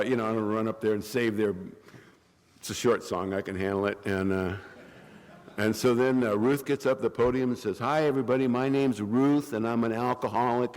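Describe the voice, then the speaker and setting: A middle-aged man telling a comic recovery story at a meeting, rambling with wry jokes and fillers, a little hoarse and coughing from bronchitis. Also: medium pitch, a little mellow. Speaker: AA speaker. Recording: long reverb of a hall.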